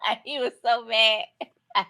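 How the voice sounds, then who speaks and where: A woman's voice: on the high side, steady tone, unhurried, sharp tone. A woman co-hosting a podcast in casual chat, slangy and laughing often. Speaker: podcast co-host.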